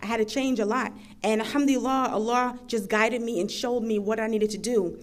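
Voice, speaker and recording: A woman's voice: fairly high pitch, fairly even intonation, a little fast. A woman in her thirties from the United States giving an earnest, emphatic personal testimony as a panel speaker. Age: 30s. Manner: earnest, emphatic, building to passionate intensity.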